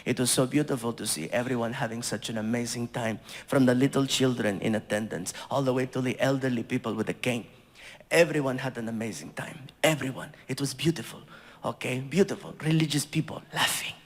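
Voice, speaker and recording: A man voicing a dignified, gracious young prince who speaks slowly and formally. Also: medium pitch, long reverb tail, voice pushed down, lightly acted. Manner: slow, measured, courteous delivery.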